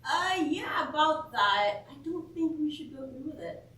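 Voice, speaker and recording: A woman's voice: high-pitched, expressive, measured pace, bright, forceful tone, full character voice. An actress playing a playful, superstitious young woman camper in a stage play, teasing and goofy. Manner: teasing, goofy, sings jokingly. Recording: roomy stage sound from a distant mic, background noise.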